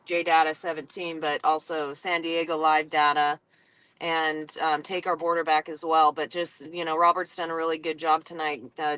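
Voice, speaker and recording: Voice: mid-range voice, sharp tone, smooth. A speaker in casual livestream chat, earnest and full of filler ums.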